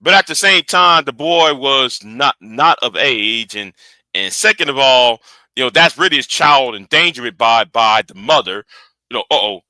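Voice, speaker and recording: A man hosting a live stream, reacting to clips in excitable commentary and repeating words as he builds a point. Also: medium pitch, no echo.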